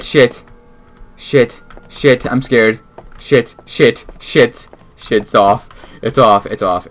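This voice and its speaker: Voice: mid-range voice, sharp tone. A gamer giving let's-play commentary, jumpy, talking to themself and swearing often. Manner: jumpy, swears and talks to self. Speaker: gamer playing a horror game.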